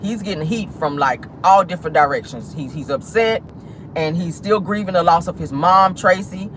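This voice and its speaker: A woman hosting a celebrity gossip show, talking straight to her viewers in an animated, indignant way, with a faint hum behind her. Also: lowish voice, moderate pace. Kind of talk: casual gossip commentary.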